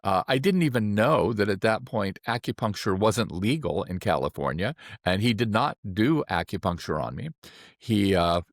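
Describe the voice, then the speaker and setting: Older man in his 70s, low-pitched, dry close sound, easygoing storyteller acting out voices. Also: moderate pace, no room sound. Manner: relaxed anecdotal, acting out quoted voices. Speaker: acupuncturist. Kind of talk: personal storytelling.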